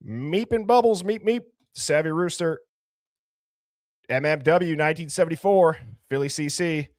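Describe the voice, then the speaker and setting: Live-stream host, man, slightly high voice, dry close mic, loud greetings. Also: dry recording. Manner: reads out viewer names and chat, bursts of laughter and loud greetings. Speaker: livestream host. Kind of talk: casual live-stream chat.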